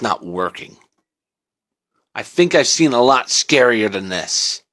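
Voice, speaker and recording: Brief: male horror narrator, slow and drawn out, lively swings in pitch, casual and profane. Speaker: storyteller. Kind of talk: first-person creepypasta narration.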